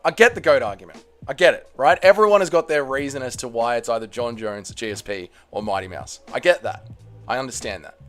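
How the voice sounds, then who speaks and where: A young man hosting a live stream watch party, ranting heatedly and swearing while reading and answering chat. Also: on the high side. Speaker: streamer host.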